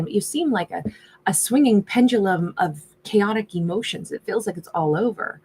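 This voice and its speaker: A woman's voice: mid-range voice, moderate pace, noisy background. A woman giving a casual tarot reading, musing aloud in a chatty way and often voicing the subject's thoughts. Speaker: tarot reader.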